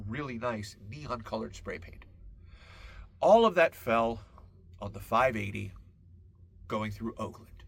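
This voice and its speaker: A man hosting a podcast, telling a rambling comic story full of absurd tangents and deadpan asides. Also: mid-range voice, a little slow, creaky, slightly rough. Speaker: podcast host. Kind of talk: comedic podcast monologue.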